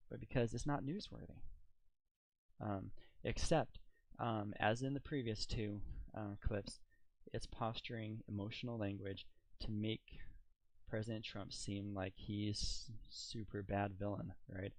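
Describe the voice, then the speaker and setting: A political commentator with a rather low voice speaks unhurriedly in casual video commentary, recorded with poor audio and no room sound. Incredulous and mocking, he rambles with fillers and throws out mocking rhetorical questions.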